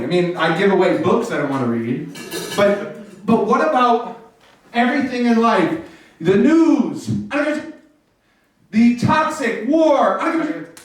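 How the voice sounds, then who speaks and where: A man hosting a live variety show, joking with the audience, swearing freely and leading it in chants. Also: high voice. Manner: playful, teasing, leads audience chants. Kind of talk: live stand-up crowd work. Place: live venue before an audience. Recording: echoey room from far off, faint noise.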